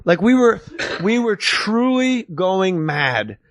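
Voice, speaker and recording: Animated man telling comic stories. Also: sits high, takes it slowly, dry recording. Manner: animated, acts out other people's voices. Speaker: podcast host. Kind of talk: comic storytelling.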